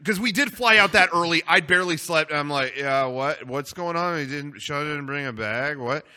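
A man co-hosting a podcast, telling a story in an excitable, laughing and disbelieving way. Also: a little high, moderate pace, smooth. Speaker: podcast co-host. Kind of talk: casual storytelling.

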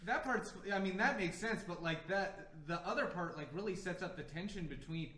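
Male co-host thinking aloud, slightly high voice, roomy sound. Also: moderate pace, bright, forceful tone. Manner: thoughtful, filler-heavy. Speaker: podcast co-host. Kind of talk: casual chat.

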